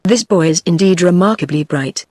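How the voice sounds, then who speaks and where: A woman's voice: fairly low pitch, moderate pace, dry recording, studio quality, lightly acted. A text-to-speech woman's voice with a British English accent reading the lines of a vain, pompous male fox king in a storybook. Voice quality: even synthetic read-out.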